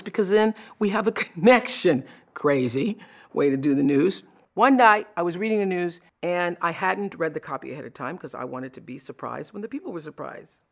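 Woman with a gravelly edge, telling her own story, very expressive, acts out voices. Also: fairly low pitch. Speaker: television personality recounting her career. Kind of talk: personal storytelling talk.

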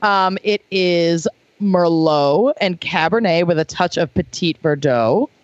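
A woman from Minnesota, co-hosting a podcast in casual chat with jokey, quick banter. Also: on the low side, dry recording, muffled recording. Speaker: podcast co-host.

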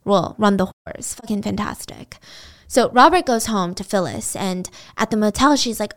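A woman's voice: medium pitch, moderate pace. A woman casually retelling a true-crime story, chatty and blunt, swearing freely and filling her speech with "like.".

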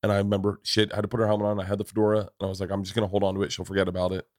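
A man in his forties hosting a podcast and telling stories in a profane, animated way, acting out the quotes. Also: lowish voice, rapid-fire, dry recording, clean studio sound. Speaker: podcast host. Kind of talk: casual chat, storytelling.

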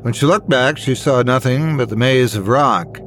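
A man reading scary stories as a dramatic, expressive narrator. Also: medium pitch, normal speed, soft background music. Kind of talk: scripted horror story narration.

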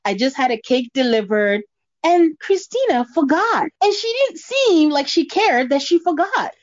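Woman, fairly high voice, animated podcast host who acts out quotes, dull dry lo-fi sound. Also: normal speed, no room sound. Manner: animated storytelling, acting out quotes with a laugh. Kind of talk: casual chat recapping a reality show.

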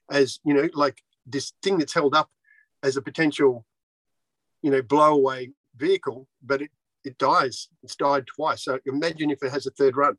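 A man's voice: on the high side, a bit bright, dry recording, poor audio. A man who designs surfboards, talking bluntly and swearing freely in a casual interview. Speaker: surfboard shaper.

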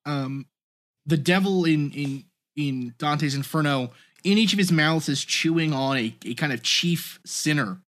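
A podcast co-host who leads the discussion in an explanatory way, often pausing on "um" and opening points with "now, what's interesting.". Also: medium pitch, a bit bright.

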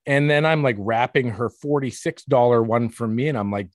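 A man's voice: medium pitch, very animated, fairly quick, few pauses, no room sound, clean studio sound. A man, a guest on a talk show, telling rambling, jokey stories in casual chat.

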